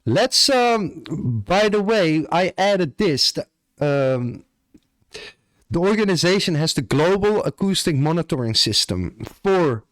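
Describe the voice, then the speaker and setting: Young Australian man, unhurried live-stream chatter, dry close sound, casual and profane. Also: fairly high pitch, big pitch swings, dry recording. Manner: laid-back, swears casually, often ends lines with "bro".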